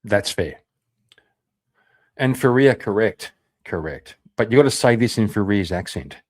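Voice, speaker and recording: This live streamer chats casually with his viewers, reacting to them while rambling, swearing and laughing a lot. He talks at normal speed in a rather low, expressive voice.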